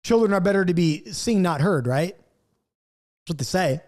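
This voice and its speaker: A man teaching a Bible study straight to camera, acting out angry outbursts and then dropping to a hushed, earnest tone. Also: high-pitched, expressive, unhurried. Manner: acts out quoted outbursts, swings between loud and hushed.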